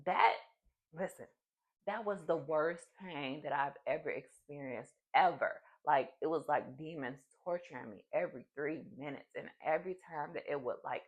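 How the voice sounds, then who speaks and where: A woman's voice: low-pitched, normal speed, slightly rough, lo-fi sound. A young adult woman vlogger telling a personal story in a casual, chatty way, full of fillers. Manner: chatty, animated, many fillers.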